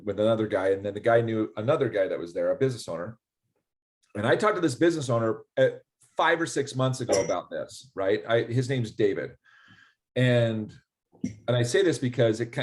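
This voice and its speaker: Animated man explaining with anecdotes. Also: mid-range voice. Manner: animated storyteller, acts out quoted dialogue. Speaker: ERC specialist guest. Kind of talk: casual explanatory interview.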